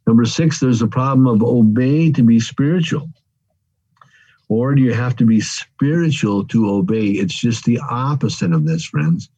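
A man's voice: medium pitch, expressive, moderate pace, warm tone, husky, dry recording, lo-fi sound. A man preaching a sermon, calling his listeners friends and working through numbered points. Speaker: pastor.

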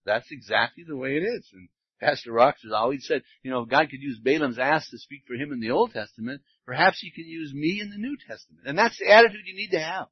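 A man's voice: on the high side, fast talker, breathy edge, no echo, lo-fi sound. A man preaching a sermon as pastor, earnest and conversational, reading scripture aloud.

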